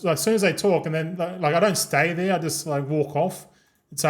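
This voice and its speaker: A man's voice: on the high side, fast talker. An Australian man in his thirties chatting casually while streaming a game, rambling and swearing freely with frequent laughs.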